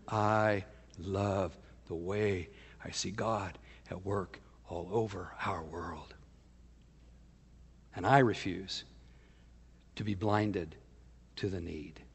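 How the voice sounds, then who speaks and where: A man preaching a sermon, telling stories emphatically and dropping to a hushed voice for intimate points. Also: fairly low pitch, long reverb tail. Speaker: pastor.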